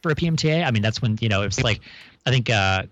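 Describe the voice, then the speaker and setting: A man's voice: lowish voice, expressive, very fast, a bit bright, dry recording, muffled recording. A man co-hosting a podcast, talking in a hesitant, rambling way with many restarts. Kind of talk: casual podcast chat.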